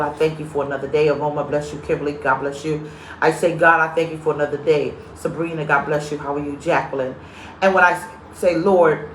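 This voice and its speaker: A woman's voice: low-pitched, a little hiss or hum. A woman pastor giving a live-streamed sermon, telling stories with humor and greeting viewers by name as she goes. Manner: lively, comedic storyteller. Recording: echoey room.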